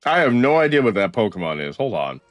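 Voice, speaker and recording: Low-voiced gamer swearing casually. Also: male voice, big pitch swings, quick pace, no room sound, lo-fi sound, soft background music. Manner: blunt, swears casually, wry laughs. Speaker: streamer playing a video game. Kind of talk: casual gameplay commentary.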